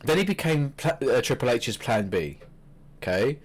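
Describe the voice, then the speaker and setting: A man co-hosting a podcast, chatting casually about wrestling, animated and swearing freely. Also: medium pitch, normal speed, breathy edge. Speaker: podcast co-host.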